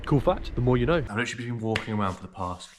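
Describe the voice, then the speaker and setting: A man's voice: medium pitch, expressive, very fast, background noise. A young man talking casually to camera as a travel vlogger, rambling as he walks around a city. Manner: rambling, chatty, loose filler-heavy talk. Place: outdoors walking a city.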